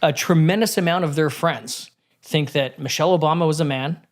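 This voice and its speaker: A man's voice: fairly high pitch, fairly quick. Candid, profane man telling a story. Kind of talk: casual podcast conversation.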